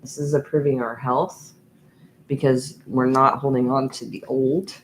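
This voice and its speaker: Slow, meandering woman reading tarot cards. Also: rumbling low, flat delivery, slight background noise, poor audio. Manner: slow, meandering, with many ums and restarts. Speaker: tarot reader. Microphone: USB microphone.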